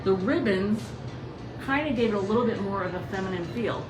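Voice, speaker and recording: A woman's voice: mid-range voice, fairly quick. Enthusiastic woman in an echoey showroom. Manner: enthusiastic, chatty, gushing over details. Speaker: showroom presenter. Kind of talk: casual product walkthrough. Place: large indoor showroom with customers. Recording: echoey room from far off, background noise.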